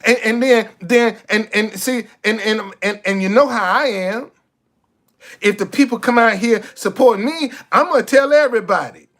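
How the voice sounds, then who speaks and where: Impassioned high-voiced man, sarcastic and preachy. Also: moderate pace, fairly bright tone. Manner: sarcastic, repetitive stammering restarts, preachy. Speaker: street activist vlogger. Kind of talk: impassioned monologue. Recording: faint music behind.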